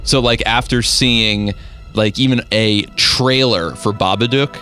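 A man's voice: on the low side, fairly even intonation, a little slow, pushed and bright, faint music behind. A young man hosting a radio show, chatting casually in a laid-back, rambling, self-deprecating way. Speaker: radio host. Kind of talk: casual chat.

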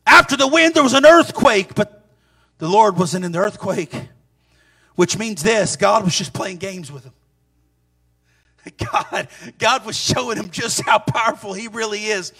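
High, bright-voiced male preacher. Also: measured pace, creaky, slightly rough. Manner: animated, sing-song preaching with sudden loud peaks. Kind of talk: sermon.

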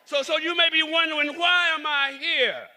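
A man's voice: very high voice, fairly even intonation, normal speed, some chatter behind, a little hiss or hum. A man from South Carolina with a Southern drawl, a reverend and lawmaker giving a preacherly rally speech outdoors in the cold. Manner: preacherly, repeating himself, shouting. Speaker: reverend and state representative.

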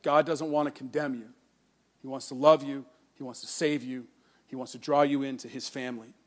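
With a medium-pitched voice and a brisk pace, a middle-aged male pastor delivers a sermon. He acts out the voices in a family story, then settles into an earnest, gentle tone for scripture.

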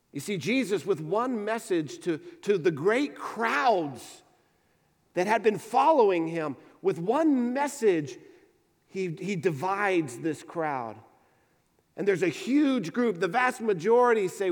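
Brief: earnest male preacher, high voice, stumbles and repeats words, in a church sanctuary. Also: big pitch swings, takes it slowly, long reverb tail. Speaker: pastor. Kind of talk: sermon.

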